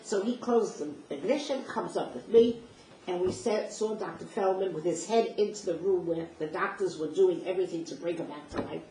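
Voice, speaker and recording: A woman's voice: on the low side, moderate pace, warm tone. An older woman recounting personal memories as a vivid, emotional first-person story, acting out the dialogue. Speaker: speaker sharing personal memories. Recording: roomy distant mic with faint noise.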